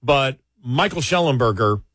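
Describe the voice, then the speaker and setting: Man in dry studio talk, animated storyteller. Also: medium pitch, slightly rough, dry recording. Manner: animated storytelling, quick asides, frequent restarts. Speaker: talk radio co-host. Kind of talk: casual political talk.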